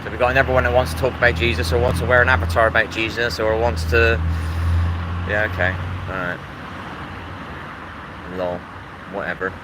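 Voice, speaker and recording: A man's voice: medium pitch, little pitch movement, brisk, long pauses, background noise. An English man talking casually on a live stream, rambling and repeating himself as he greets viewers in the chat. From England.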